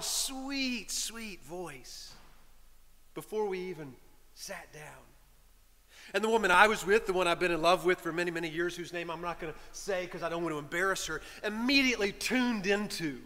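A man's voice: high voice, bright, forceful tone, big-room sound. A man preaching a sermon as a priest, telling a story with repeated phrases and asides to the congregation. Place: church.

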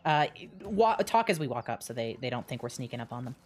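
A woman streaming a survival game, chatting in a casual, animated way with her teammate. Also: extremely low pitch, slight background noise. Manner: chatty and animated, quick laughs. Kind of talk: casual gaming chat.

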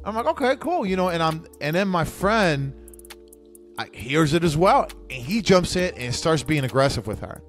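A man's voice: on the high side, lively intonation, moderate pace, a bit bright, faint music behind. A young man hosting a podcast, telling a candid, profane story with many restarts. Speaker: podcast host. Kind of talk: casual storytelling monologue.

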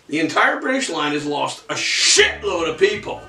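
A man co-hosting a history podcast, telling the story in a casual, profane, animated way. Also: a little high, normal speed, vocal fry, far from the mic. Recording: echoey room, off-mic, faint music.

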